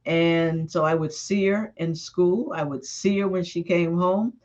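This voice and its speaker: A middle-aged woman, an author and minister, giving a candid, animated personal testimony in an interview. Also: lowish voice, a little slow, lo-fi sound. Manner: candid and animated storytelling, acts out dialogue with laughs.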